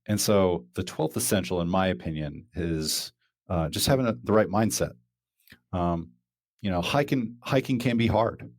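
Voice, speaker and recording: At a normal speed, a deep-voiced podcast host chats casually, rambling and often restarting his sentences amid many fillers. The recording is dry and studio clean.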